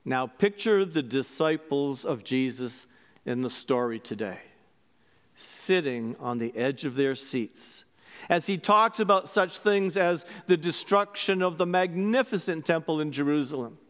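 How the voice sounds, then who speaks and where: High-voiced preacher in an echoing church. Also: male voice, unhurried, smooth. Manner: animated storytelling, acts out voices. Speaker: priest. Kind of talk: sermon. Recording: long church reverb.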